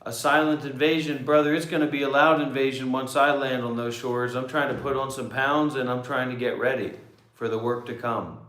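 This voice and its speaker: A man who is a meditation teacher hosting a livestream, talking in a playful, unhurried way. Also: mid-range voice, fairly bright tone. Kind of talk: casual chat. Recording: echoey room.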